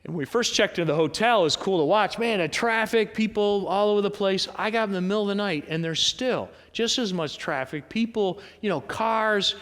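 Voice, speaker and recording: Male pastor, slightly raised pitch, chatty rhetorical preaching, long reverb of a church hall. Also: brisk, few pauses, fairly bright tone. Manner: conversational preaching with repeated rhetorical questions. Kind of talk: sermon. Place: church sanctuary.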